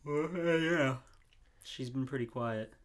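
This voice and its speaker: A man's voice: medium pitch, slow, a bit bright, slight background noise. Podcast guy chiming in with wry jokes, teasing his cohost. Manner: teasing, wry remarks, laughs. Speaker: podcast co-host. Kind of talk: casual chat.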